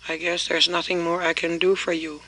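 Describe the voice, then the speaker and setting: A man voicing a slow, heavy stone-clad giant in a folk tale, speaking plainly and repeating himself. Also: fairly high pitch, monotone, pushed and bright, rough recording. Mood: conciliatory. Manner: plain spoken, repetitive.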